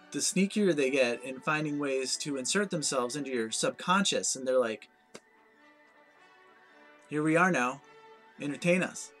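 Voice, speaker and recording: A man's voice: fairly high pitch, fairly bright tone. A man ranting in a comedic vlog monologue, anxious, rambling and self-mocking. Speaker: vlogger.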